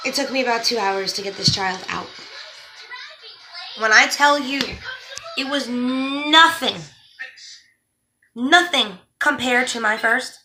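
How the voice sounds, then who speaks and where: A young woman vlogger telling a story in a casual, animated way, acting out what others said in her own voice. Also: fairly high pitch, takes it slowly, long pauses, poor audio. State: pregnant. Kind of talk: casual story-time chat to camera. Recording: faint music behind.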